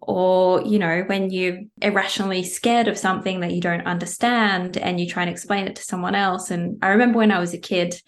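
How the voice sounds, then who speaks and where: A woman's voice: lowish voice, steady tone, fairly quick, few pauses. A woman talking as a podcast guest in a casual conversation, candid and down to earth, swearing casually.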